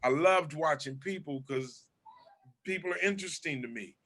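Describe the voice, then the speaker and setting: A Southern California man, appearing as a guest comedian in a relaxed interview, spins lively stories and cusses without restraint. His voice sits a little high and he talks at an ordinary pace.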